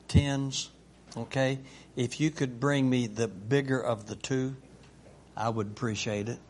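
A man hosting a casual chat at home, talking haltingly and tenderly with many pauses and fillers. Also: medium pitch.

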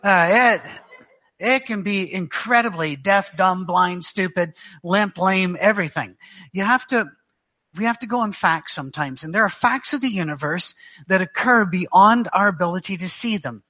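Preaching as a guest at a church, a middle-aged man from Glasgow spins stories with dry wit and halting restarts. His high voice has lively intonation and a bright, forceful tone, shaped by his Glaswegian Scottish accent.

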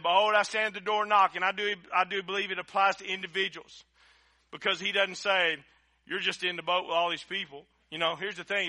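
A man preaching a sermon in a church service. He speaks folksily and directly to the congregation, swinging from loud, emphatic preaching to quiet, close appeals. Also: fairly high pitch. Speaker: pastor.

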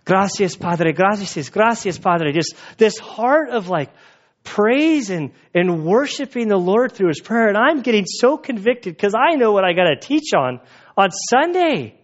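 Casual talking pastor, slightly high voice. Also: male voice, very animated, measured pace, highs cut off. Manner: conversational storytelling, many fillers and restarts. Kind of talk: sermon.

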